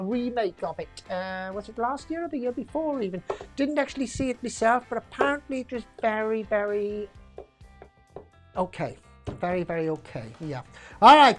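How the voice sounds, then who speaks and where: A woman hosting a pub quiz live stream in a chatty, jokey way, reading out answers and laughing often. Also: medium pitch.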